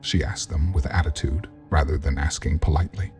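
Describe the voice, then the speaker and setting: This is a man with a deep voice giving matter-of-fact commentary. He sounds far from the mic, with faint music behind. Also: steady tone, a little fast, a little mellow.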